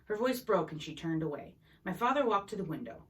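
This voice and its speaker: A woman's voice: on the low side, big pitch swings, brisk, a bit bright. A woman reading a novel chapter aloud in an unpolished way, with small slips and restarts. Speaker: reader. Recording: voice a bit distant from the mic.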